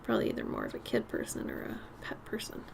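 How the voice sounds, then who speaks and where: Woman, raspy smoky voice, slightly stuffy nose, rambling casual stream chat, faint background noise. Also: fast. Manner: chatty, drifts between topics, soft murmured asides. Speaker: streamer painting live. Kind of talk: casual chat while painting.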